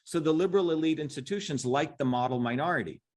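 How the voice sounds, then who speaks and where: A man's voice: on the high side, fast talker. Emphatic combative man. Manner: emphatic, combative, repeats "right?". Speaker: interview guest. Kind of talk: impassioned interview talk.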